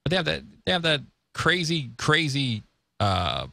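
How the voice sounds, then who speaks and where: A man's voice: on the high side, measured pace, creaky, no echo. A man hosting a casual talk show, joking and telling stories with animation. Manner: jokey, animated storytelling. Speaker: show host. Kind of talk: casual radio-style talk show chat.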